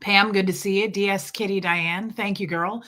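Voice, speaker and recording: A woman hosts a casual livestream, her voice hoarse from being sick yet still bright and forward. She chats freely, greeting viewers by name and reading their comments aloud. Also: medium pitch, fairly even intonation, moderate pace. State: hoarse from illness. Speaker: livestream host.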